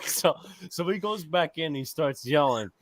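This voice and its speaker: A man co-hosting a casual sports podcast, telling stories in a profane, animated way. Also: a little high, unhurried, no echo. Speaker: podcast host.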